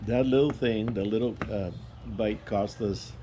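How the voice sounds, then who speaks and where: Man, low mellow voice, casual vlogger telling a rambling personal story with restarts, faint room ambience behind. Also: steady tone, slight background noise. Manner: rambling, halting, many restarts and fillers.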